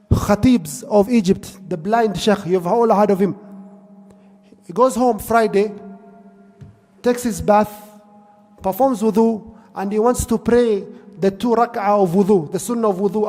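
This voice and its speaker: A man's voice: sits high, warm tone, in a large hall. A man preaching a sermon, telling stories earnestly and mixing in Arabic phrases. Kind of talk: sermon storytelling.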